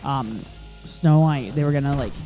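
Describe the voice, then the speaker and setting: Over faint game music, a man with a mellow mid-range voice speaks at a moderate pace while playing a video game. His casual let's play commentary meanders through tangents, full of fillers and frequent laughs.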